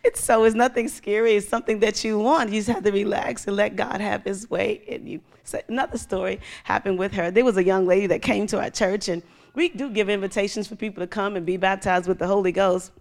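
A woman's voice: mid-range voice, fairly even intonation, fairly quick, gravelly. A middle-aged woman pastor preaching a sermon, telling stories with animation and acting out voices.

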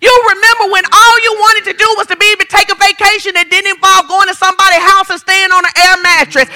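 A man preaching a sermon as pastor, animated and playful, acting out little scenes and often shouting to drive points home. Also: very high voice, fast, hardly any pauses. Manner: animated preaching, acts out quotes, playful humor.

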